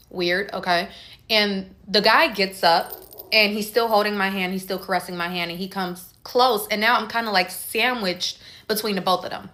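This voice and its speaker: Woman, casual storytime, animated, acts out quotes, bright tone. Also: mid-range voice, normal speed. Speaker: storytime creator.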